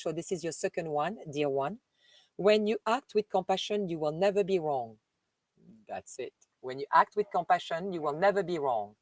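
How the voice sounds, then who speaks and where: A woman's voice: mid-range voice, fairly bright tone, no room sound. A woman with a French accent, hosting a casual live stream and chatting affectionately with her viewers. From Paris. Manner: chatty and affectionate, often laughing and calling listeners "dear".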